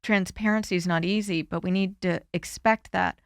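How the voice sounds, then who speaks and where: A woman in her forties, a candidate speaking earnestly and heartfelt in a podcast interview, often pausing with "you know". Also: lowish voice, steady tone, creaky, clean tone, dry recording, clean studio sound. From Florida. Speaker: congressional candidate guest.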